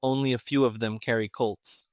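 A man voicing a sarcastic, irritated older army colonel who talks gruffly and emphatically. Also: medium pitch, steady tone, normal speed, dry recording, studio quality, natural voice.

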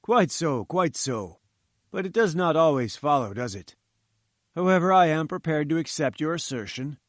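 Pompous older professor, talks down to everyone, voiced by a male audiobook reader; raised pitch, dry recording. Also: animated, moderate pace, dry recording, lightly acted. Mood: condescending. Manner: condescending, lecturing. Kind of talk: audiobook reading.

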